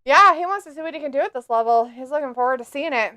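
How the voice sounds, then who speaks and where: Woman co-host reading chat aloud, casual and laughing, bright higher voice. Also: expressive, quick pace, dry recording. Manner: chatty, reads viewer comments aloud, laughs often. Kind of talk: casual live-stream chat.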